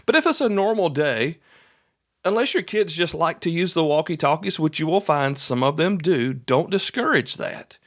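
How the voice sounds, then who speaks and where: Folksy man, slightly high voice. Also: expressive, normal speed. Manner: folksy, repeats points, acts out little dialogues. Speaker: podcast host and instructor. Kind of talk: conversational instructional podcast.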